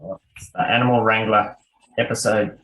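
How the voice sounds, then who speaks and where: A man's voice: on the low side, fairly even intonation, normal speed, fairly bright tone. An Australian man co-hosting a casual online chat in a dry, laid-back way. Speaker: co-host. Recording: echoey room.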